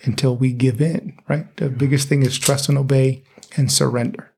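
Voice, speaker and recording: A man who is a guest on a faith podcast, chatting in a relaxed way with short affirming replies. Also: medium pitch, moderate pace, creaky, slightly rough. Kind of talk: casual faith podcast chat.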